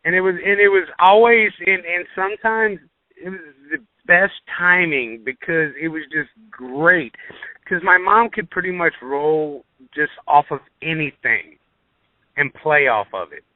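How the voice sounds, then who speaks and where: A man guest reminiscing in a relaxed, lively way on a call-in show. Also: fairly high pitch, a little slow, no room sound. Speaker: guest, family member. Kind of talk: casual reminiscing. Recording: tinny dry phone line.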